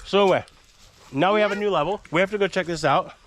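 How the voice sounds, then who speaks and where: A man's voice: high voice, fast talker, background noise. A man hosting a family vlog outdoors, chatty and rambling, with a self-deprecating manner. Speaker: vlog host and father. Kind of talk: casual vlog narration. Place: outdoors on a rural homestead.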